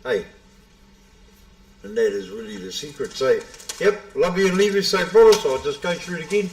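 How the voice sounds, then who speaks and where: A man's voice: sits high, moderate pace. A man giving casual live pool commentary, bantering and calling people bro. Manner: relaxed banter, calls everyone bro. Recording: echoey room.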